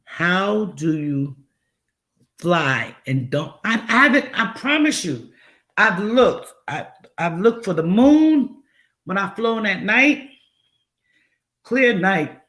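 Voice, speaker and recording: A man's voice: high-pitched, sing-song, takes it slowly, a bit bright. A man hosting a casual livestream chat, rambling and musing aloud with many rhetorical questions. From United States. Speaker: livestream host.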